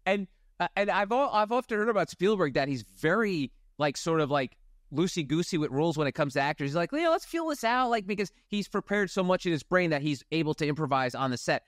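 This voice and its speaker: A male interview host asking questions with enthusiastic, quick reactions. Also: a little high, no echo, studio quality. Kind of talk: casual interview chat.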